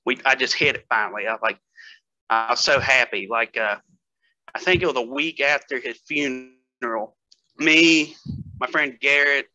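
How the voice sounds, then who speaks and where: Male guest, casual storyteller, sharp bright voice, middle pitch. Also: moderate pace, rough recording. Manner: storytelling, laughs often, hesitant fillers. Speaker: guest strength athlete. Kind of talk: casual podcast chat.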